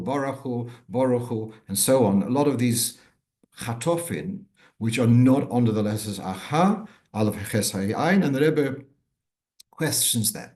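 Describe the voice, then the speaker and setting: An older man, a rabbi, teaching a weekly Torah class in a measured, unscripted way, often pausing and restarting as he thinks aloud. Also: mid-range voice, darkish tone.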